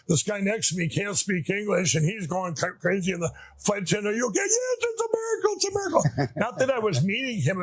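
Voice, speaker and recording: A middle-aged man with a gravelly, husky voice, pitched a little high for a man, recounts his story in a rambling, heartfelt way. He restarts often and circles back, and the recording is close and dry. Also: no room sound. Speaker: interview guest. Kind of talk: conversational storytelling.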